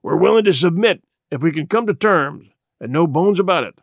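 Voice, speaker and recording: A man's voice: a little high, animated, fairly quick, gravelly, no echo, studio quality. A man voicing a crafty one-legged pirate leader who talks in a hearty, wheedling sailor's way. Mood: bargaining. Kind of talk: audiobook character reading.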